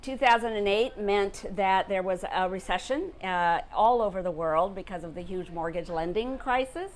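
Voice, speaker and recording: A woman's voice: mid-range voice, normal speed. Woman from India telling her story. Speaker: author speaking at a salon event. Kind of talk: casual storytelling talk. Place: event room, indoors.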